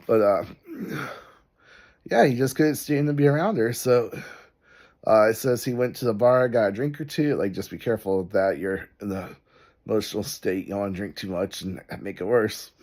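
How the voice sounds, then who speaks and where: A man's voice: on the low side, fairly quick, a little mellow. Rambling man telling a story. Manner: rambling, full of "like" and "uh". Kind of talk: casual storytime commentary.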